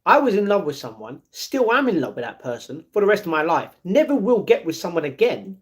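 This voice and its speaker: A man's voice: high-pitched, big pitch swings, brisk. Downcast forty-year-old man. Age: 40s. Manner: downcast, blunt, reads chat messages aloud and answers them. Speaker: livestreamer reading chat. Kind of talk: casual livestream chat.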